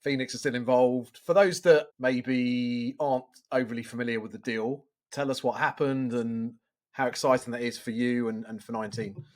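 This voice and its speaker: A man's voice: medium pitch, steady tone, normal speed, a little mellow. A man hosting a business podcast, asking questions and affirming his guest in a friendly way. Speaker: podcast host. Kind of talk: business interview.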